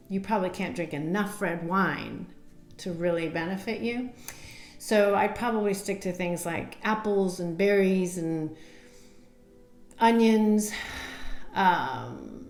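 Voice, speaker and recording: A woman nutrition coach chats to camera about health, loose and talkative, with plenty of ums and self-deprecating laughs. Her voice sits at a middling pitch. The room around her rings with echo. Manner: chatty, many fillers, laughs at herself. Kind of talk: casual on-camera health advice. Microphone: camera mic.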